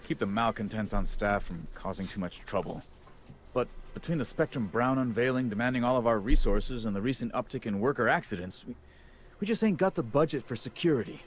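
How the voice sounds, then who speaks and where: An actor playing a gruff, harried male orchard overseer in a video game, blunt and sardonic with folksy speech. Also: mid-range voice, natural voice.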